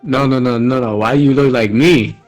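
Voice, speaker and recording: A man's voice: mid-range voice, steady tone, normal speed, darkish tone, soft background music. A man playing a tabletop game, joking and reacting with laughter. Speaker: player. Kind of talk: casual tabletop game play.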